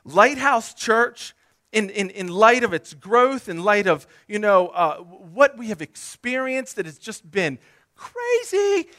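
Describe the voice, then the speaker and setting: A man, a pastor and father, preaching a sermon in an animated, emphatic way with comic asides. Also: high-pitched, slow.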